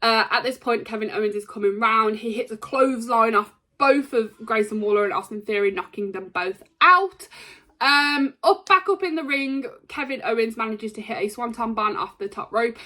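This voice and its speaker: A woman giving a casual, rambling recap of a wrestling show, excitable and full of ums and likes. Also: a little high, moderate pace.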